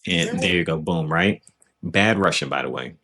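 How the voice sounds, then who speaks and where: A man's voice: low-pitched, normal speed, sharp tone, husky. A man casually breaking down footage of his own grappling match, loose and self-critical, often checking in with "right?".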